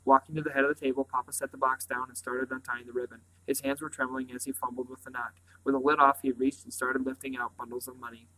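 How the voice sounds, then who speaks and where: Bright-voiced man reading a novel aloud. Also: mid-range voice, level tone, fast, hardly any pauses, low-quality recording. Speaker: reader.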